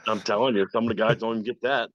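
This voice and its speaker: A man's voice: fairly low pitch, racing, no echo. A man in his sixties, a guest guitarist telling stories in a casual chat and acting out the voices he quotes. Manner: animated, acts out quoted voices. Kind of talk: casual storytelling. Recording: dull lo-fi, dry.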